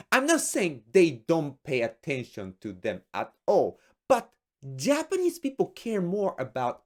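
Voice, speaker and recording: A man hosting a language lesson, explaining in an animated, playful way with spoken demonstrations. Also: fairly high pitch. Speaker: language teacher and host.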